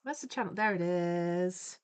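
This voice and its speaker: A woman's voice: lowish voice, a little slow, clear, resonant tone. A young woman chatting casually on a live stream, greeting viewers by name in a playful, giggly way. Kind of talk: casual live-stream chat while drawing.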